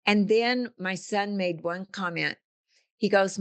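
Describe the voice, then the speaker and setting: A woman's voice: mid-range voice, slow. An older woman, a coach and author, talking casually in an interview and telling stories with vivid analogies. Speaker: guest, business coach and author.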